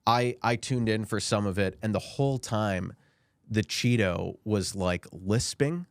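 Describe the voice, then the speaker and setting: A man co-hosting a podcast, delivering sarcastic political banter in a mock-outraged tone that swings into high mocking voices. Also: unhurried, dry recording. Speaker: podcast co-host.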